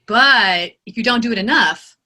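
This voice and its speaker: A woman with a bright, forceful voice sitting a touch higher than most, talking about her narration work. She speaks in an animated, expressive way, as an experienced voice actor would. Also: moderate pace. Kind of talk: interview answers.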